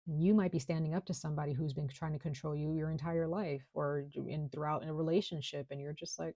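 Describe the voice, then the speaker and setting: A woman with a low, mellow voice gives a casual tarot reading from home. She talks in a chatty, reassuring way, full of fillers. The sound is dry and close to the mic. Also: fairly even intonation, quick pace, hardly any pauses, no room sound. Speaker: tarot reader.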